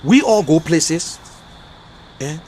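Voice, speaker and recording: A Liberian man delivering an emotional, repetitive political rant as a commentator, swinging between loud outbursts and quiet, subdued stretches. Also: fairly high pitch, animated, slow pace, slight background noise. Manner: emotional, repetitive, rising and falling intensity. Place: in America.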